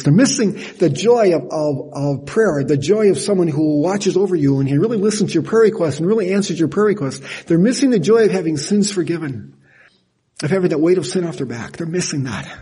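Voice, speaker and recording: An older man gives a sermon, his tone folksy and animated, with small laughs at his own expense. His voice is husky and mellow, pitched a little high for a man. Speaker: pastor.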